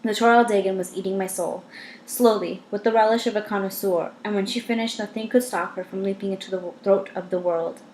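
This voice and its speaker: Woman reading a novel, measured, wry asides, mid-pitched, echoey room. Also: steady tone, darkish tone, a little hiss or hum. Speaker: audiobook reader. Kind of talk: first-person novel narration. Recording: roomy echo.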